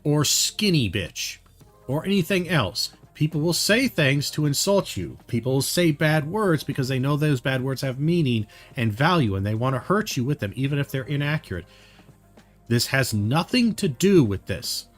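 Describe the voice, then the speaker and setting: A man's voice: a little high, very animated, normal speed, soft background music. A man giving casual, heated commentary on a video, rambling with many fillers and restarts.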